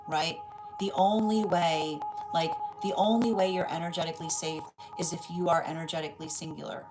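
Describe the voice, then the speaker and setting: Low-voiced woman doing a rambling tarot reading. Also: rough recording. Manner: rambling, repeats "right?" often. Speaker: tarot reader. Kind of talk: live tarot reading stream.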